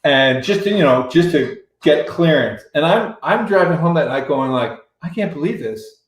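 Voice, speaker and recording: A man's voice: fairly high pitch, animated, moderate pace, roomy sound, poor audio. A man, a musician, telling a long anecdote in casual chat, restarting and acting out other people's lines. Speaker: musician guest. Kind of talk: casual storytelling on a radio show.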